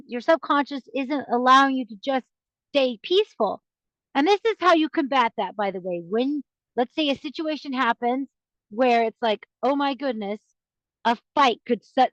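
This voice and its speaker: Woman, podcast host, earnest, rambling, casual advice, somewhat high voice, dry lo-fi sound. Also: no room sound. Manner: rambling, earnest, restarts often. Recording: dry, dull lo-fi recording.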